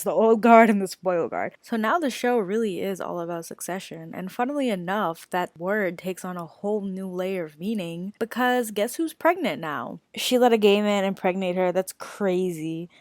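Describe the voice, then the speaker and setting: A woman's voice: mid-range voice, normal speed, hardly any pauses, dry recording. Chatty young woman, dry close mic. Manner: animated, swears freely, laughs through lines. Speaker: vlogger reviewing a TV show. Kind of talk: casual chat.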